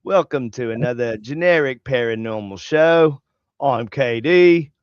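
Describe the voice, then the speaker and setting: A man's voice: medium pitch, lively intonation, unhurried, clean tone, no echo. A man hosting a casual paranormal podcast, talking in a joking, offhand way. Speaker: podcast host. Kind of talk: casual chat. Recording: dull lo-fi podcast audio.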